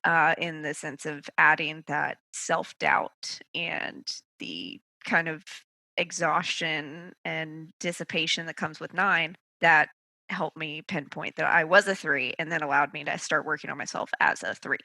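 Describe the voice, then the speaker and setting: A woman's voice: low-pitched, a little slow, creaky, pushed and bright, dry recording. A woman co-hosting a podcast in casual chat, candid and self-mocking, laughing often. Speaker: podcast co-host.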